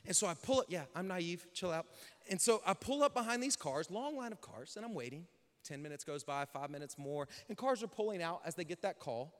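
A male pastor telling a story in a sermon, animated, dropping to a hush and then rising loud. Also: high-pitched, fairly quick. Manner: animated, swings between hushed and loud. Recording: long hall reverb.

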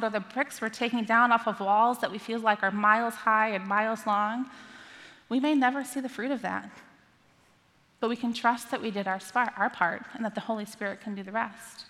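A woman's voice: a little high, fairly bright tone. A woman pastor delivering a sermon, earnest and asking her listeners direct questions. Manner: earnest, asks the congregation questions. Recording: long hall reverb.

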